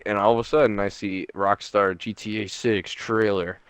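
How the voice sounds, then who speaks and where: A man's voice: lowish voice, fairly even intonation, fairly quick, hardly any pauses, no room sound. A young man co-hosting a casual podcast from home, rambling and swearing with many fillers. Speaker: podcast co-host. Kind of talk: casual chat. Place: home room.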